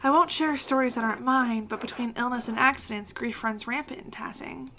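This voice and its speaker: A woman voicing a gentle, discreet village midwife, reading game dialogue aloud. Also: a little high, fairly quick, slight background noise.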